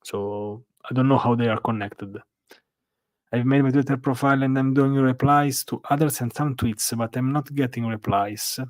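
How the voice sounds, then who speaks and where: Speaking at a moderate pace in a steady, medium-pitched voice, a man with an Italian accent chats casually on a live stream from his hotel room. He rambles through viewer questions, filling his answers with plenty of "uh"s, and the audio has no echo.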